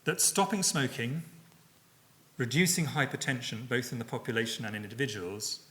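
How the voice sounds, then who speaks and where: A middle-aged man giving a public lecture, speaking in a measured way with frequent fillers and self-corrections. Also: mid-range voice, fairly bright tone, slight background noise.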